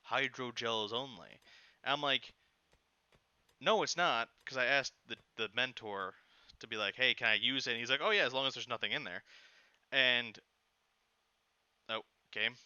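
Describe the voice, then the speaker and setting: A man's voice: mid-range voice, clean tone, no echo, muffled recording. A young man rambling through an annoyed personal story in casual chat, with lots of fillers. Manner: rambling, animated, exasperated retelling with many fillers. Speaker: gaming channel host telling a personal story.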